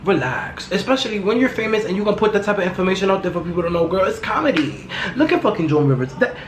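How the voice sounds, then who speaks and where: A woman hosting her own podcast in a casual, loud, profane and gossipy way. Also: medium pitch, big pitch swings, fast talker. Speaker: podcast host. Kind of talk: casual solo podcast chat. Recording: echoey room with faint background noise.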